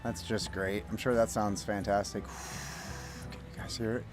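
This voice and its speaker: A man's voice: on the low side, level tone, unhurried, over music. Rambling male streamer chatting at home. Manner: rambling storytelling with mild swearing. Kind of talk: casual chat while gaming.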